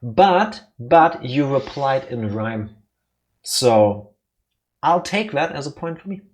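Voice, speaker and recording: A man's voice: mid-range voice, lively intonation. A man co-hosting a let's play, chatting casually and reading game dialogue aloud with a playful, punning manner. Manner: playful, punning, quick asides.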